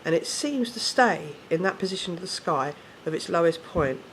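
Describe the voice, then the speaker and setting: A man's voice: a little high, lively intonation, moderate pace, fairly bright tone, slight background noise. A man with an English accent, ranting casually to camera, swearing often and correcting himself as he rambles. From England. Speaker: vlogger.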